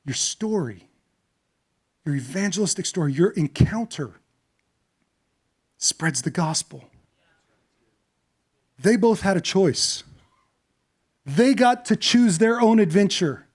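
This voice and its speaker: Man, pastor, sermon, high voice, dramatic storytelling, hushed to loud. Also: expressive, takes it slowly, long pauses, slightly rough.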